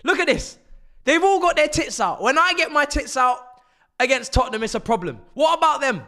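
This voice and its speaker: A young man commentating live over a match as a fan, his voice sitting high for a man and swinging widely in pitch. He rants in exasperation and mocks what he sees. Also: lively intonation, brisk, bright, forceful tone. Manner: exasperated ranting, mocking, often laughing. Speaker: football fan streamer.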